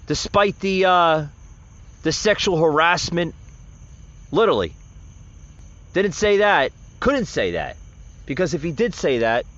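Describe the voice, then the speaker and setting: A man's voice: a little high, fairly bright tone. A man hosting a podcast, delivering heated, rambling and sarcastic political commentary. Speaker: podcast host. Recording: dull lo-fi recording.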